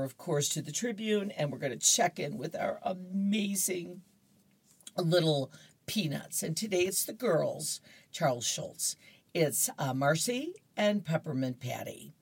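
Middle-aged woman host, low pitch, husky, relaxed chatty pace. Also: a little slow. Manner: chatty, laughs easily. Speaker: host reading horoscopes and comics. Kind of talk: casual radio-style chat.

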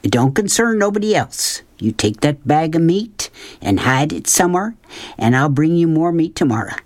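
A woman reading a storybook aloud, voicing a gruff grown man who talks in a hushed, conspiratorial way. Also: low voice, animated, moderate pace, dry recording, clean studio sound. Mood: secretive.

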